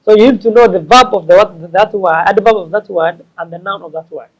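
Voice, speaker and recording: High-voiced man teaching English. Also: rough recording. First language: Somali. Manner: slow, repetitive, stops to correct himself. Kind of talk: explaining tips to learners.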